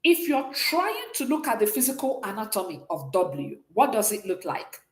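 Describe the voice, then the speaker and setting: A woman leads a beginners' French lesson. She talks patiently and keeps checking with her students, and her pitch rises and falls a lot. The sound carries a roomy echo. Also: big pitch swings, normal speed. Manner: patient, repeats and checks understanding often. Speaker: French teacher. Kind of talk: classroom language lesson.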